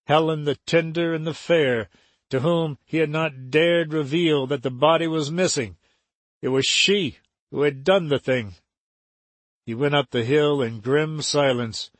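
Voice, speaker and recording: A man narrating an audiobook in a steady, even reading. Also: on the high side, no room sound. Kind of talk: scripted narration.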